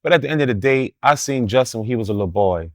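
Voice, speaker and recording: A man's voice: mid-range voice, expressive, quick pace, no echo, studio quality. A man telling stories as an interview guest, blunt and profane in street slang, laughing as he talks. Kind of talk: casual storytelling in an interview.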